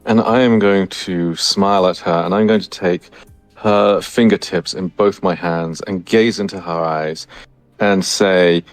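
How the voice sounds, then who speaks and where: A man playing in a tabletop game, describing his character's actions in a slow, theatrical way. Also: deep voice, steady tone, dry recording, faint music behind. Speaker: player. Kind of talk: tabletop role-play.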